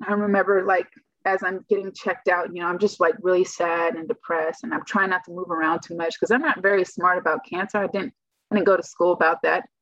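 A woman's voice: fairly low pitch, level tone, a little fast, a bit bright, no room sound. A woman telling a personal story in casual, rambling speech, full of "like" fillers, on a slightly muffled recording. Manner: rambling, heavy use of "like" fillers. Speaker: guest telling her story.

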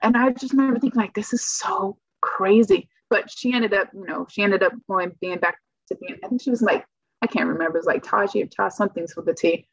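Woman guest, rambling storyteller, filler-heavy, middle pitch, dull and dry recording. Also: fast, creaky, slightly rough, no room sound. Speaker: guest telling her story. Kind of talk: casual personal storytelling.

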